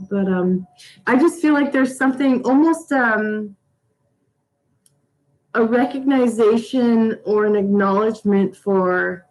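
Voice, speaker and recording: A woman's voice: a little high, darkish tone, poor audio. Emotional, rambling woman giving card readings. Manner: emotional, rambling, halting restarts. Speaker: tarot reader. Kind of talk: casual card reading for viewers.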